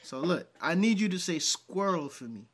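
A man hosting a casual reaction video. He talks excitably, swears, and breaks into loud laughter. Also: on the high side, normal speed, breathy edge. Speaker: video host.

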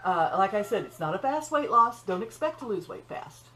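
A woman's voice: medium pitch, very animated, moderate pace, a bit bright, slight background noise, rough recording. An older woman hosting her own cooking channel, talking in a folksy, chatty way with joking asides, from her home kitchen. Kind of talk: casual chat.

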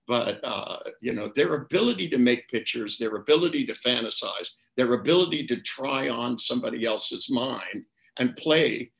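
A man's voice: mid-range voice, gravelly, fairly bright tone, poor audio. An older man answering questions as a guest expert, talking in loose, rambling anecdotes with fillers and restarts.

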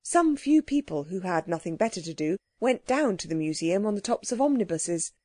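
A woman narrating a children's audiobook in a clear, expressive way, recorded close on a dry mic. Her tone is mellow and soft-edged, at a middle pitch. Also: moderate pace, no room sound.

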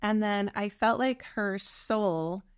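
A woman's voice: medium pitch, slow pace, clear, resonant tone, no room sound, studio quality. A woman telling her personal story in a candid conversation, earnest and reflective, often restarting her sentences. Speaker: birth mother guest.

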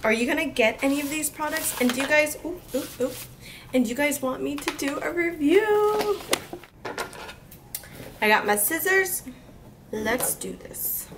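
A woman's voice: high voice, expressive, measured pace, pauses often, recorded from a distance, background noise. A woman in her twenties gushing and squealing with delight as she unboxes a beauty haul, speaking a little off-mic. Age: 20s. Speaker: beauty vlogger.

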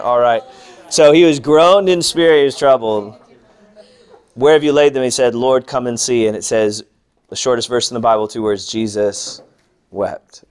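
Earnest low-voiced man teaching scripture. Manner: earnest, animated when quoting, softening to hushed. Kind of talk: bible class teaching. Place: large room or hall.

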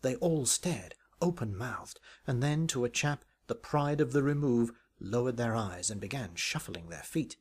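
A man's voice: medium pitch, lively intonation, a little slow, few pauses, darkish tone, breathy edge. A man reading a comic parody story aloud in a dry, wry, arch manner. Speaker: narrator.

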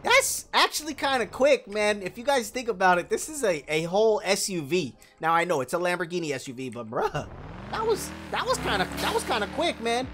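A man's voice: sits high, big pitch swings, brisk, fairly bright tone, a little hiss or hum. A young man with kids, giving casual gaming commentary as a video host, hyped and full of slang as he talks to viewers and a friend.

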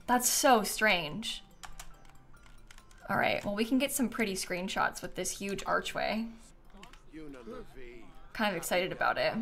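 A young woman live-streams a life-sim game, chatting casually and rambling with lots of fillers as she comments. Her voice is mid-range with a fairly bright tone.

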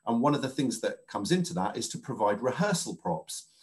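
A man working as a stage manager, speaking over a video call as a guest and explaining in a friendly, measured way. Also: medium pitch, sing-song. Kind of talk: interview guest.

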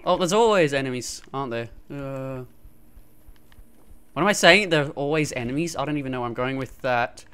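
A man giving live gameplay commentary through a gaming headset, excitable and quick to yelp and laugh in fights. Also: mid-range voice, smooth. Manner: excitable, frequent yelps and laughs during fights. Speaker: gamer.

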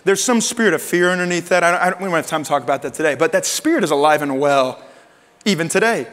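Animated male pastor in an echoing hall. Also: on the high side, fast talker. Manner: animated, conversational preaching with slang. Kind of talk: sermon.

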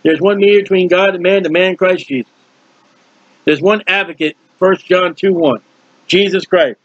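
A man preaching a verse-by-verse Bible teaching, animated and questioning his listeners. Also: high-pitched, normal speed, dry recording. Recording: dull lo-fi dry recording.

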